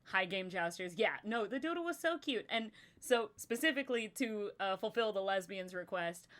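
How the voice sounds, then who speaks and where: A woman's voice: mid-range voice, animated, normal speed, fairly bright tone. A young adult woman hosting a live stream and running a game, talking casually and rambling with many fillers. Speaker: stream host and game master.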